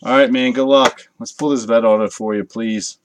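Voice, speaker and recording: A man's voice: mid-range voice, steady tone, moderate pace, slight background noise. A man hosting a live card break, chatting casually with viewers and swearing freely as he opens packs late at night. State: tired from a long night.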